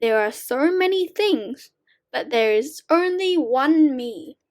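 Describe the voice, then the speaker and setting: A woman slowly reading short sight word poems aloud for young learners, clear and deliberate. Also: high voice, lively intonation, a little mellow. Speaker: reading teacher.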